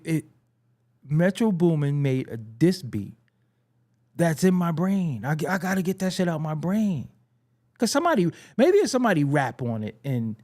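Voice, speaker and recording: A young man from the United States rants to his audience in a loose, profane ramble full of restarts and chuckles. His voice sits a touch high and swings widely in pitch as he gets worked up. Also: a little mellow. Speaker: hip-hop commentary host. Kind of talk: casual rant to camera.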